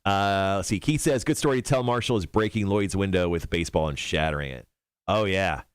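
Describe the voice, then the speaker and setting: A man's voice: deep voice, brisk, clean tone, no room sound. A male radio host chatting casually on a morning show, telling stories and laughing often while he tells them. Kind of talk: casual morning show chat on a live stream.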